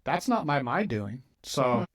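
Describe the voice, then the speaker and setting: A man's voice: medium pitch, a little slow. A middle-aged man hosting an interview, telling a long personal story and acting out the dialogue in it. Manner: animated storyteller, acts out quoted dialogue. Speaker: podcast host, mortgage company owner.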